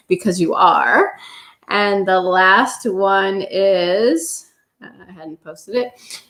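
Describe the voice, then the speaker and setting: A woman hosting a self-love affirmation session, talking gently and unhurriedly with many pauses and ums. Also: mid-range voice. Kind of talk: guided affirmations and meditation talk. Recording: roomy echo.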